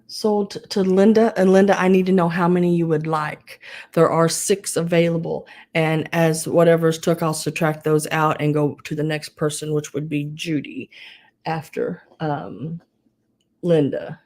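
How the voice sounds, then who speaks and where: A woman hosts a live sale, calling bidders by name in an easy, chatty way. Her voice sits low and mellow, and she talks slowly and unhurriedly. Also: flat delivery. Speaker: live auction seller. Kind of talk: casual live sale auctioneering.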